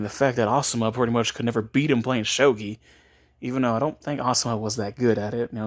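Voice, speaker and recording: A man casually making up and retelling a story, rambling with frequent restarts and chuckles. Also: medium pitch.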